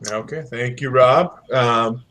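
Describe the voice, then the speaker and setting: A man's voice: mid-range voice, takes it slowly, fairly bright tone. A man hosting a casual podcast, moderating the panel in an easygoing, self-deprecating way. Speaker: host.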